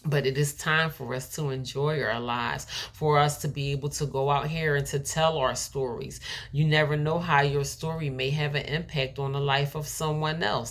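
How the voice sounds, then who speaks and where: A woman's voice: sits low, fairly bright tone. A woman delivering an earnest, emotional faith-based motivational talk to her viewers. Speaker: motivational speaker.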